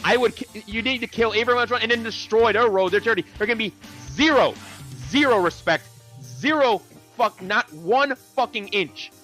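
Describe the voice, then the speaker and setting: A man's voice: sits high, normal speed, sharp tone, soft background music. A man from Puerto Rico ranting with heavy profanity on a heated livestream discussion. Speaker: livestream co-host.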